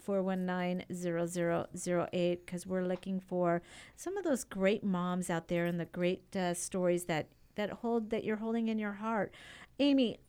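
A middle-aged woman hosts a radio talk show in a loose, chatty way, full of "you know" and restarts. Her voice is smooth and resonant. She talks at a middle pitch in a close studio sound. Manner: chatty, warm-hearted with frequent fillers and restarts. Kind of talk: casual radio chat.

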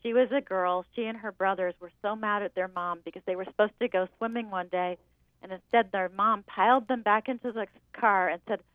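A woman calls in to a radio show and tells stories in a calm, measured way. Her voice comes through a tinny phone line. The sound is dry, with no room echo. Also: mid-range voice. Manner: measured storytelling. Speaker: book editor guest on the phone. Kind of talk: phone-in interview. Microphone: telephone.

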